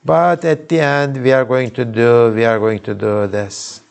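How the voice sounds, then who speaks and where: In a clean but creaky medium-pitched voice, a Turkish-accented man gives an informal university lecture at a measured pace with a steady tone. He restarts sentences often and addresses students in asides, and it was recorded live in a lecture hall.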